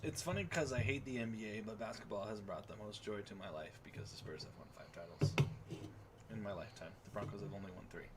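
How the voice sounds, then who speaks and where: Lower young man, eager sports fan. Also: very noisy. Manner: eager sports fan, quick casual banter. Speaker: podcast co-host. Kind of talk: casual sports chat.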